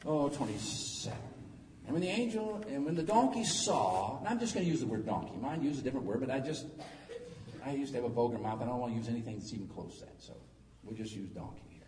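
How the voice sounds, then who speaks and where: A middle-aged man preaching a sermon, telling the story in a folksy, joking, animated way. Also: mid-range voice, fast talker. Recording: echoey hall, distant mic, faint noise.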